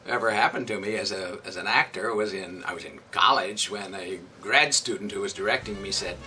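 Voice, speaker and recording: Bright-voiced man, a little off-mic. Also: on the low side, brisk, hardly any pauses, distant mic, soft background music. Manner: thoughtful, with frequent fillers and restarts. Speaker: community theatre director. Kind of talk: interview answers.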